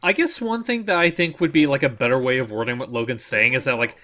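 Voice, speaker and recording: Man, casual game chat, halting, many restarts, average pitch. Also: sharp tone. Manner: halting, restarts and trails off with fillers.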